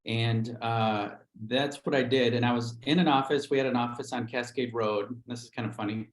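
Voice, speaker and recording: A man's voice: medium pitch, normal speed, echoey room, low-quality recording. Candid middle-aged man telling his story. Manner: candid, animated storytelling with acted-out quotes. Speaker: real estate agent. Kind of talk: livestream interview storytelling.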